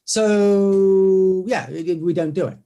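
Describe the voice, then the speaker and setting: A man speaking with a fairly high voice, animated and conversational as he tells stories. He often slips into quick impressions of the people he describes. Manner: animated storytelling, acts out quoted voices. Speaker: guest, orthodontic clinician. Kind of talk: conversational interview.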